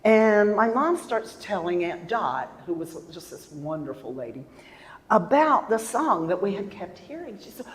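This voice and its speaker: A woman in her seventies telling a personal story on stage, animated and acting out the voices of the people in it. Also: mid-range voice, measured pace. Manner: animated, acts out voices and sings snippets. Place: festival stage in a hall. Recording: long hall reverb.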